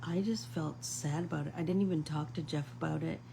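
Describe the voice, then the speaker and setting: A woman's voice: sits low, fairly even intonation, a little fast, gravelly, warm tone, a little hiss or hum, rough recording. A middle-aged woman hosting a casual live painting class, chatting to viewers like friends and rambling through stories. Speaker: art class host.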